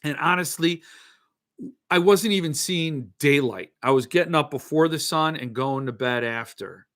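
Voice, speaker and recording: A man's voice: fairly high pitch, moderate pace, fairly bright tone. A middle-aged man hosting a podcast, chatting casually in a rambling, jokey, self-mocking way. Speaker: podcast host. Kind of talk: casual chat.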